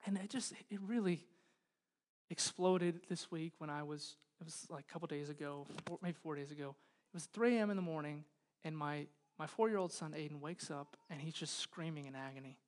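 A man in his thirties, a pastor preaching a sermon in a church, moving from loud pleading to hushed intensity. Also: on the high side, a little fast. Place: church hall.

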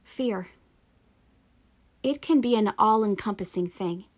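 Woman pastor preaching a sermon. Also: mid-range voice. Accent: Pennsylvania. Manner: measured, earnest preaching.

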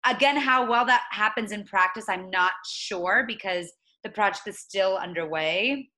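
Twenty-something woman in an interview, bright clear voice, earnest and reflective, lots of restarts. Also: medium pitch, moderate pace, low-quality recording. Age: 20s. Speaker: interview guest. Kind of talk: conversational interview.

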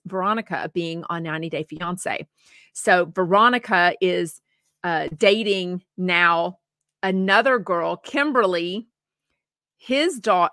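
A woman's voice: lowish voice, bright, forceful tone, no room sound, clean studio sound. A woman co-hosting a show, chatting casually and rambling sympathetically as she reads viewer comments aloud. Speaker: co-host.

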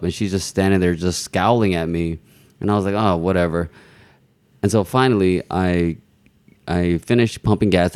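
A man with a very low voice tells a long personal story in a loose, rambling way. He keeps poking fun at himself and laughs now and then. The sound is dry and close. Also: darkish tone, dry recording. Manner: rambling and self-deprecating, with restarts; laughs while telling stories. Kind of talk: casual conversation, personal story.

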